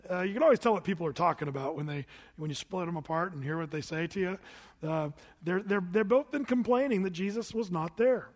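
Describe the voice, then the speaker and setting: High-voiced preacher in a reverberant hall. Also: male voice, brisk. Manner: conversational preaching with questions to the congregation and wry asides. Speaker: pastor. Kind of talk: sermon.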